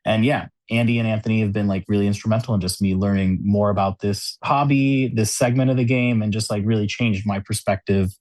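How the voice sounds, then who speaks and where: A man's voice: fairly low pitch, steady tone, fairly quick, hardly any pauses, darkish tone, dry recording. A man who is a podcast guest, talking casually, with many "like" and "you know" fillers and frequent laughs. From United States. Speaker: podcast guest, cube designer. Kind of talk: casual conversational interview. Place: New York City.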